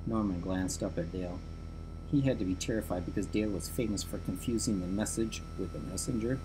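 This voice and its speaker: A man reading a story aloud in an even storytelling manner. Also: on the low side, brisk, noisy background. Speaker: reader. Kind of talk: audiobook narration.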